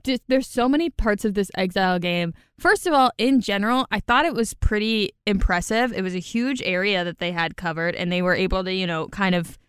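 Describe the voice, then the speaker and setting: A woman co-hosting a casual podcast recap, animated and laughing often. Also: mid-range voice, fairly quick, hardly any pauses, smooth, dry recording, studio quality. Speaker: podcast co-host.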